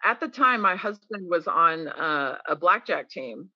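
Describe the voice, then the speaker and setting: On the low side and unhurried, this woman's voice comes through muffled, without echo. As a podcast interview guest, she shares frank stories with lively energy, voicing the people she quotes.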